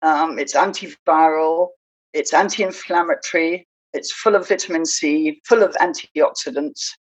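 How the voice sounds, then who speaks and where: A woman guest speaks in a studio interview with a low voice. She talks slowly and unhurriedly, pausing often with ums as she gathers her thoughts. Her manner stays hesitant. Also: breathy edge, rough recording. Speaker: guest, small-business founder. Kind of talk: interview conversation.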